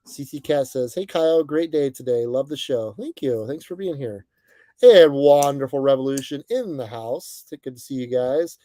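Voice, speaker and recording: A young man hosting a casual livestream, greeting viewers by name and chatting in a relaxed, friendly way with plenty of fillers. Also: a little high, no echo. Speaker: livestream host. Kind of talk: casual chat reading viewer comments. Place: bus, indoors.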